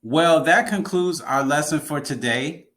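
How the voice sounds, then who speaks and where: A man's voice: fairly high pitch, measured pace, fairly bright tone. A man teaching an online language lesson, explaining patiently and repeating key words.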